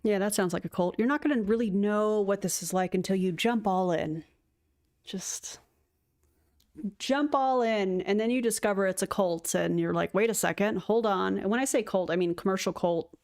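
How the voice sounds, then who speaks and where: A woman's voice: mid-range voice, a little mellow. A woman streamer giving sarcastic live commentary on a recruitment call. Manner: sarcastic, quick asides.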